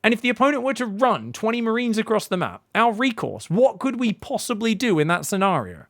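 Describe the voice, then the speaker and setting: A man's voice: sits high, big pitch swings, fairly quick, fairly bright tone, dry recording, studio quality. A man casting a strategy game in casual, sarcastic commentary, rambling into profane jokes. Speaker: game caster.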